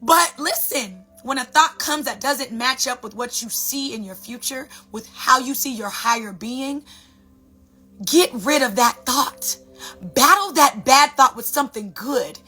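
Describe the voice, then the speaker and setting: Animated woman giving a spiritual pep talk. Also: high-pitched, measured pace, breathy edge, faint music behind. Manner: super animated, preachy, dramatic. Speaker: sound bowl healer.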